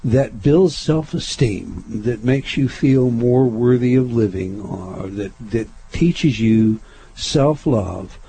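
Mellow-voiced male interviewer. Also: mid-range voice, slow, vocal fry, husky, low-quality recording. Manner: thoughtful, meandering questions. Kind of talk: interview questions.

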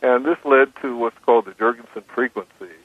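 A man calling in as a radio guest, telling his story in a measured way with frequent restarts. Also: medium pitch, fairly even intonation, no echo. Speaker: guest describing his recording experiments. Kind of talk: phone-in radio interview. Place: on a phone call to a radio show. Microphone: telephone. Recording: dry tinny phone line.

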